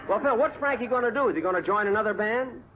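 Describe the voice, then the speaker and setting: An actor playing an exasperated, wisecracking comedian who talks in a dry, sarcastic deadpan on an old radio comedy broadcast. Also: male voice, sits high, fast, a faint crowd, a little hiss or hum, lightly acted. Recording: tinny old radio broadcast with studio audience.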